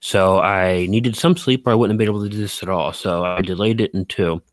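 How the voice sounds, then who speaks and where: A man's voice: low voice, fairly even intonation, brisk, no echo. A man chatting casually on a live stream, reading out viewer comments, rambling with lots of fillers and self-corrections and poking fun at himself.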